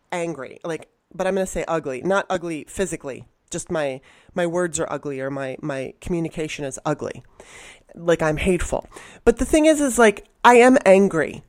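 A woman co-hosting a podcast, talking bluntly and heatedly and swearing freely in casual chat. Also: fairly low pitch. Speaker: podcast co-host.

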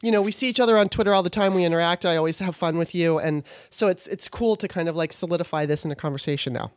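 A woman's voice: fairly low pitch, quick pace, a little mellow, clear, resonant tone, dry recording. A woman from Baltimore hosting a podcast, talking in a candid, rambling way, often restarting her sentences. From Baltimore, Maryland. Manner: rambling, self-correcting, candid. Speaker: podcast host. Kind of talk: casual conversation.

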